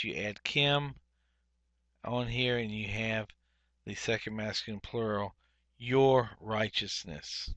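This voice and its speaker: A man teaching a Biblical Hebrew workbook lesson, speaking deliberately and saying each Hebrew word twice, with frequent "uh" fillers. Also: fairly low pitch, bright, forceful tone, dry recording. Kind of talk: workbook lesson, explaining grammar.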